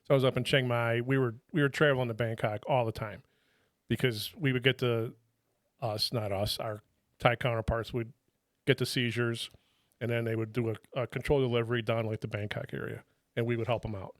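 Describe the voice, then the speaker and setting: Man, 50s, podcast guest, casual profane storytelling, restarts, mid pitch, dry sound. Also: level tone, brisk, dry recording. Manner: colloquial, profane, restarts with laughs. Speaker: podcast guest, retired federal drug agent.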